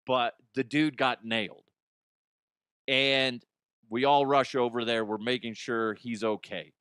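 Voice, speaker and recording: A man's voice: medium pitch, steady tone, a little slow, a bit bright, smooth, dry recording, studio quality. A man hosting a podcast, telling stories in rambling, profane casual chat and often laughing at himself. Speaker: podcast host.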